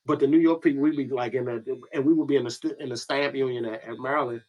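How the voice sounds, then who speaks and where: A young man with a Washington D.C. accent, chatting casually and acting out stories with lively quoted voices. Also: medium pitch, fast, lo-fi sound. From Washington D.C. area. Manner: animated storyteller, acts out quotes with raised voice. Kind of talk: casual chat.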